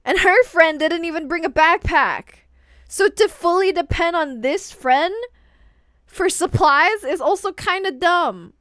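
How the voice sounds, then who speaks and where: A woman's voice: extremely high pitch, a little slow, fairly bright tone, no room sound, studio quality. A woman streaming herself as she reacts to a movie, chatting casually, rambling, and often repeating words as she trails off. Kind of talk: casual live-stream commentary.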